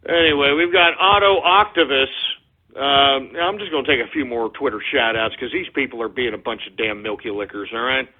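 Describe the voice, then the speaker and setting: A man hosting an internet radio talk show, ranting and cursing at trolls and breaking into shouts. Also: medium pitch, brisk. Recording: tinny phone-like lo-fi audio.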